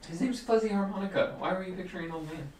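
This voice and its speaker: A man co-hosting a painting livestream, trading quick, teasing banter in casual chat. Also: sits high, a crowd in the background. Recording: roomy, distant mic, noisy ambience.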